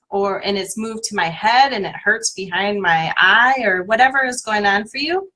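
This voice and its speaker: A woman's voice: medium pitch, normal speed, pushed and bright. A woman leading a live tapping session as a coach, giving encouraging, step-by-step instructions to viewers. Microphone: livestream webcam.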